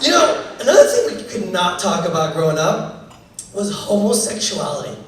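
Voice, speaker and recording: A man in his thirties from Canada performing a stand-up comedy set, animated and joking, building to loud punchlines. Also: sits high, normal speed, far from the mic. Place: comedy club stage. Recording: echoey club recorded from afar.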